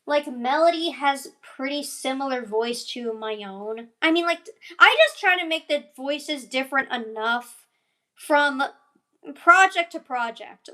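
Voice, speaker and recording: High, bright rambling young woman. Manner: rambling, full of fillers and tangents, yawning. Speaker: animator and voice actor. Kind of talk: rambling casual vlog chat.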